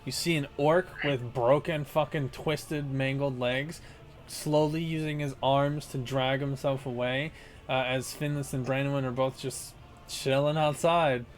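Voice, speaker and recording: A man's voice: mid-range voice, fairly even intonation, measured pace. A man narrating as dungeon master, laughing and swearing through vivid descriptions. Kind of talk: narrating a tabletop game.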